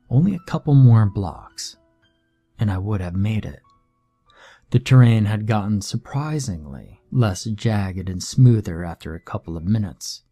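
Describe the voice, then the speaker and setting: Man, horror story narrator, slow measured delivery, dark mellow voice, faint music behind. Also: fairly low pitch.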